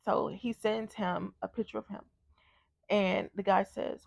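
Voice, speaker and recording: A woman's voice: medium pitch, fairly even intonation, measured pace, gravelly, darkish tone, no room sound, studio quality. A woman vlogger telling a personal story in a candid, blunt casual way, with frequent swearing.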